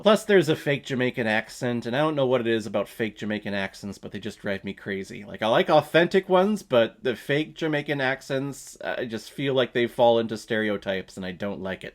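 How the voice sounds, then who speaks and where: A man hosting his own movie review vlog, talking casually and emphatically and laughing often. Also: medium pitch.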